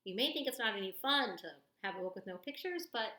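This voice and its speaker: A woman's voice: fairly high pitch, animated, fast, sharp tone, reverberant. A woman reading a children's book aloud in a playful, silly, exaggerated voice. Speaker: storybook reader for children.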